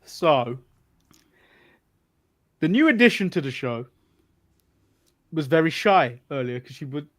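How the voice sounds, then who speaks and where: An English man co-hosting a casual podcast, teasing his co-host with deadpan jokes. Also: on the high side, slow, long pauses. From England. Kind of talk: casual wrestling podcast chat.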